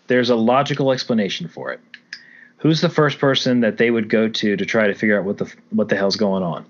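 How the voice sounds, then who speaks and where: A man's voice: lowish voice, a little fast. Man casually recapping a movie. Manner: animated storyteller, swears casually. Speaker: podcast co-host. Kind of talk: casual movie review chat. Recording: dull lo-fi audio.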